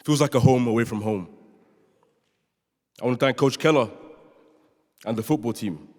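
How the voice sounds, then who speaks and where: A man's voice: medium pitch, moderate pace, a little mellow. A young man from London giving an earnest prepared speech as a student speaker in a large chapel, joking with the audience at times. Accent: London English. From London, born in Nigeria. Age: young adult. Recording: long reverb of a chapel hall.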